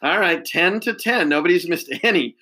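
A man's voice: high-pitched, normal speed, pushed and bright, slight background noise, poor audio. Upbeat man hosting a quiz. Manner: upbeat, praising, many fillers. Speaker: quiz host. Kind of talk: casual game quiz.

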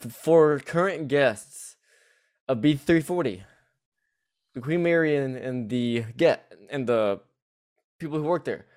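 A man with a light Southern US accent co-hosts a casual podcast. His voice is mid-pitched and plain. He talks in halting bursts, restarting phrases and cursing bluntly. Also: darkish tone, clean tone. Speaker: podcast co-host. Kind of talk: casual chat.

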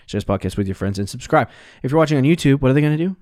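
A man's voice: medium pitch, lively intonation, racing, darkish tone, no echo, clean studio sound. A young man co-hosting a casual sports podcast, rambling, correcting himself mid-sentence and laughing often as he talks into a podcast mic. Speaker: podcast co-host.

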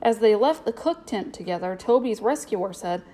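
A woman narrating a storybook in a steady, clear way. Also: medium pitch, moderate pace, rough recording. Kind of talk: storybook reading.

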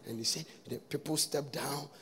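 A man preaching a sermon, breaking into sudden shouts and sing-song lines. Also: on the high side, moderate pace.

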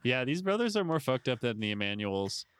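A man's voice: mid-range voice, sing-song, a little fast, clear, resonant tone, no echo, clean studio sound. A man co-hosting a casual discussion, wry and amused, laughing often. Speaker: podcast co-host.

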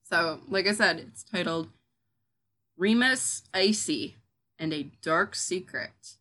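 A woman's voice: fairly low pitch, slow, sharp tone. A woman co-hosting a podcast, chatting casually and reading fan fiction aloud with dry asides. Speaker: podcast co-host.

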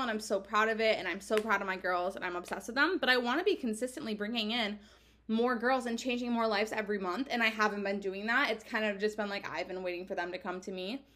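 Her voice a little high, bright, and forceful, a twentysomething woman speaks candidly on the podcast she hosts. She rambles casually, peppering her monologue with "like" and casual curses.

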